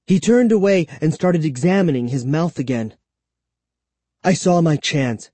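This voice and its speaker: A man narrating a spooky children's story as an audiobook, in slow, expressive storytelling. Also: on the high side, no room sound.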